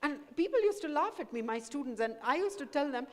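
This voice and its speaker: A woman from India gives students earnest, encouraging advice in a voice pitched a little high. The big hall adds a long reverb tail to every line. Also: animated, fast. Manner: earnest, encouraging, mixes Hindi into English. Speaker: guest speaker, professor. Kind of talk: talk to students.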